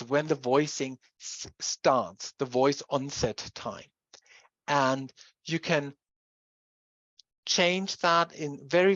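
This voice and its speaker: A lecturer giving a university lecture, explaining slowly with pauses and restarts. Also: medium pitch, no echo, highs cut off. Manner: explanatory, with pauses and self-corrections.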